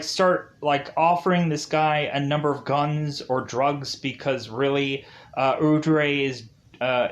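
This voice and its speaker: A man with a slightly high voice recaps a video game's story loosely. His talk rambles and is thick with "like" fillers and restarts. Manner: rambling, heavy use of "like" fillers. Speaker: game reviewer. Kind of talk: casual game recap.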